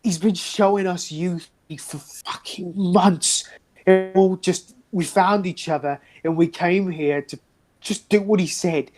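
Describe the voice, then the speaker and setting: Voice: medium pitch, fairly even intonation, measured pace, a little mellow, soft background music, close to an everyday voice. A game master voicing a terrified captive cultist who stammers, pleads and sounds half mad. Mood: frightened, desperate.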